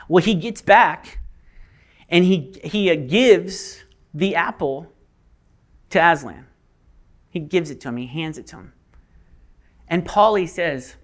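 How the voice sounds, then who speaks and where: A man's voice: fairly high pitch, slow pace, long pauses. A male pastor giving a sermon, telling a story casually with fillers.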